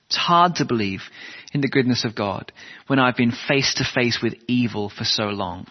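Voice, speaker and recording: A man's voice: mid-range voice, normal speed, husky. A man preaching a sermon, earnest and asking his listeners rhetorical questions. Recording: dull lo-fi sound with long hall reverb.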